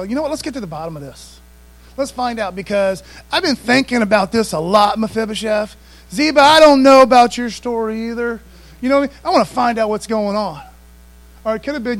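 A high-pitched male pastor preaches conversationally, often calling out to his congregation for replies. The recording quality is low.

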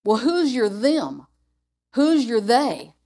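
A woman's voice: fairly high pitch, sing-song, slow, mellow. A woman giving an informal sermon full of personal testimony, chatty and repeating herself with frequent restarts. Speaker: lay preacher.

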